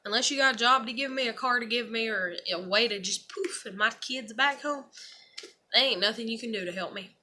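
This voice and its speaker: A woman's voice: fairly high pitch, sharp tone, slight background noise. A woman talking frankly and casually to her camera in a rambling personal monologue, swearing freely and leaning on "you know" and "I'm like". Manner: frank and profane, rambling with many fillers. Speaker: vlogger.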